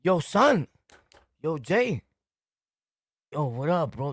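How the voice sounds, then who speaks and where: A middle-aged Brooklyn man with a New York accent hosts a podcast, telling street stories in a casual monologue full of emphatic slang and frequent laughter. His voice sits on the high side, very animated yet slow, with no room sound.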